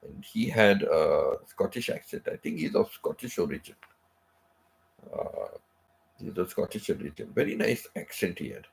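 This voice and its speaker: A middle-aged man hosts a live stream in easy, rambling chat, circling back to repeat himself and tossing in frequent asides. His voice sits very low with a gravelly, fry-heavy edge, and he sounds a little under the weather. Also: lively intonation, moderate pace, a little hiss or hum. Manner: rambling, repeats phrases, many "you know" asides. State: unwell, recovering from sickness. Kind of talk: casual chat.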